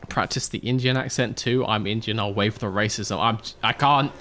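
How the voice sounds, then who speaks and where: A man's voice: fairly low pitch, fairly even intonation, normal speed, pushed and bright, a little hiss or hum. A man casually chatting on a live stream while playing a racing management game, joking with chat and laughing often into a desk microphone with a pop filter. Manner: jokey, laughs often, reads chat aloud.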